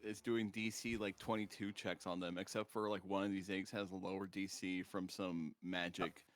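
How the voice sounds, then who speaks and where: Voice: low voice, flat delivery, moderate pace. Joking American player on a call. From United States. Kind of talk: casual chat over voice call.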